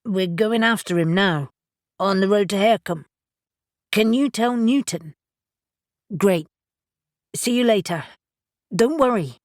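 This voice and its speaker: A woman's voice: medium pitch, measured pace, long pauses, dry recording, voice pushed up, lightly acted. A woman narrator voicing a blunt young man who speaks in a dry, plainspoken way. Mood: urgent. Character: blunt, irreverent young man, protective and sweary.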